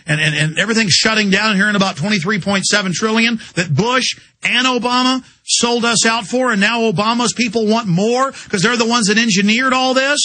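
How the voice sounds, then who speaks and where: A man's voice: high-pitched, moderate pace, pushed and bright. A man hosting a talk radio show, delivering a heated, insistent political monologue full of rhetorical questions.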